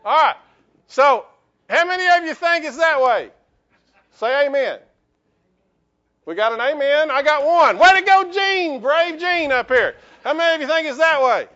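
A male pastor delivering a lively sermon in church, joking with the congregation and calling for amens. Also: extremely high pitch, moderate pace, pauses often, dull audio.

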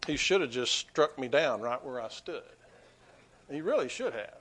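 A man preaching a sermon to his congregation, swinging between quiet asides and loud, emphatic peaks. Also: mid-range voice, animated, normal speed. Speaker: pastor.

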